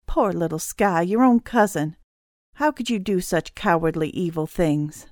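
A stern mother in a storybook, calm and deliberate as she faces a killer, voiced by a woman narrator. She sounds smooth and low, in a dry close recording. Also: no room sound, close to an everyday voice. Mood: accusing.

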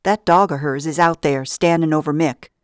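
A woman's voice: low-pitched, fairly even intonation, moderate pace, dry recording, studio quality, lightly acted. A woman voicing a nervous, uneasy female accomplice in an audiobook, with an anxious, hesitant manner. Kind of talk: audiobook narration.

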